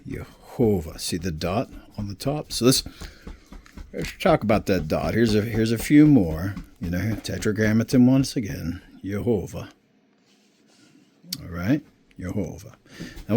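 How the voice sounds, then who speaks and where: A man giving an informal Bible lesson, explaining slowly and checking in often with his listeners. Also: fairly low pitch, lively intonation, a little mellow, slight background noise. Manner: slow, unhurried explaining with frequent check-ins. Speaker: Bible teacher. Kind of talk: informal screen-share teaching.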